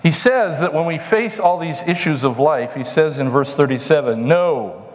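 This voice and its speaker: A man's voice: on the high side, expressive, normal speed, big-room sound. A pastor preaching a conversational sermon to his congregation in a church, now and then mocking a whiner in a put-on voice. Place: church sanctuary.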